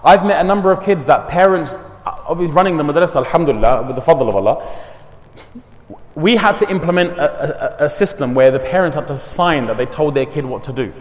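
Animated man in an echoing hall. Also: fairly high pitch, fairly quick. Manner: mixes English with Urdu and Arabic words, animated storytelling. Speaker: madrasa teacher giving a talk. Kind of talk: community talk. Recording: long hall reverb.

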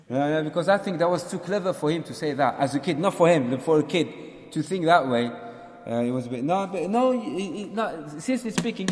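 A man leading a casual group question-and-answer session, chatty and storytelling, slipping in Urdu words. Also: a little high. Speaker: community teacher leading a Q&A. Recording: echoey hall.

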